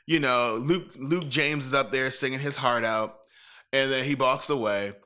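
A man in a casual chat, telling a lively, profane story and acting out what people said. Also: mid-range voice, moderate pace. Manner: animated, profane storytelling with acted-out quotes.

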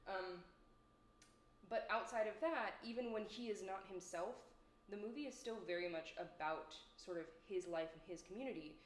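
A woman's voice: mid-range voice, moderate pace, slight background noise. Rambling woman reviewing a film, echoey room. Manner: rambling, hesitant, lots of fillers and restarts. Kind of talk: casual spoken film review. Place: at home.

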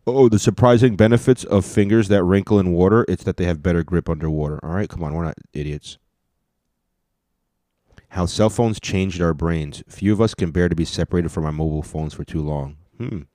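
A man's voice: deep voice, brisk, dark tone, dry recording, studio quality. A man hosting a casual solo podcast, reading news headlines aloud and adding sarcastic commentary. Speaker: podcast host.

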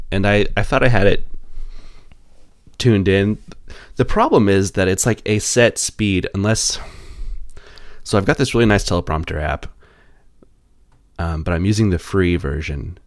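A man's voice: deep voice, unhurried, long pauses, dry recording, clean studio sound. A man co-hosting a podcast, explaining things in easygoing casual chat. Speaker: podcast co-host.

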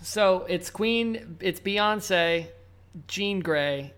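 A man's voice: high voice, very slow, fairly bright tone, smooth. A man guesting in a casual chat, dry and sarcastic, swearing freely.

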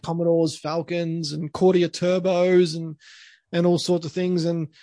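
A man's voice: fairly high pitch, flat delivery, measured pace, warm tone, dry recording. A young Australian man, a podcast co-host, telling a rambling story full of restarts and laughs. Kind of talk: casual storytelling.

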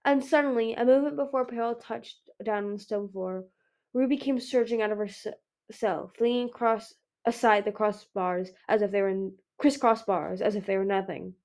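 A woman's voice: medium pitch, fairly even intonation, normal speed, a little mellow. A woman narrating a fantasy novel as an amateur audiobook reader, stumbling and restarting words now and then. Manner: reads with frequent slips and restarts.

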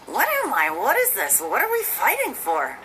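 A woman's voice: high voice, wildly swooping pitch, moderate pace, fairly bright tone, full character voice. A woman voicing a grown-up superhero girl in a cartoon who rambles and complains in exasperation, heard from a noisy clip. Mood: exasperated.

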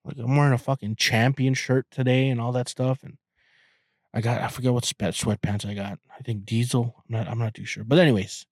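Speaking briskly with fairly even intonation, a Canadian podcast host keeps up a loose, profane, meandering chat full of stammered restarts. His voice sits at medium pitch, captured in clean studio sound without room ambience.

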